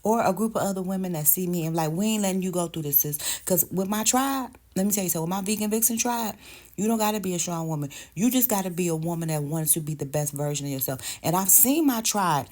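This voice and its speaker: A woman past thirty-five talks straight into her phone, emphatic and conversational. Her voice sits on the low side. She calls her listeners baby and sis. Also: fast talker, darkish tone. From United States. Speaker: vlogger. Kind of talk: direct-to-camera rant.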